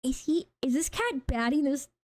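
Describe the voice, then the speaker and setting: A woman streamer giving casual live reaction commentary, excitable and slangy, laughing and exclaiming often. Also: sits high, moderate pace. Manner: slangy, says bro.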